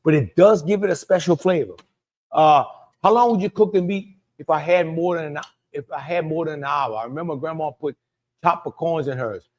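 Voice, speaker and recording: A man's voice: a little high, normal speed, darkish tone. Chatty Cajun man hosting a cooking show. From Louisiana. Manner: chatty, repeats himself, talks to viewers by name. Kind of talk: live cooking demonstration.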